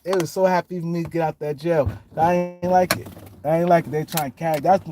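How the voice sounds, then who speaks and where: Man with a higher-pitched voice, telling a loose street-slang story, faint background noise. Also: steady tone, a little fast. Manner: rambling, heavy street slang, lots of fillers and restarts. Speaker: guest telling his life story. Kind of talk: casual storytelling.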